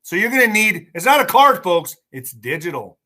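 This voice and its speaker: A fairly high-pitched man with a sharp, bright tone hosts a casual news podcast. He reads headlines aloud, trips over words, and breaks into angry, swearing rants. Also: very animated, moderate pace. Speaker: podcast host.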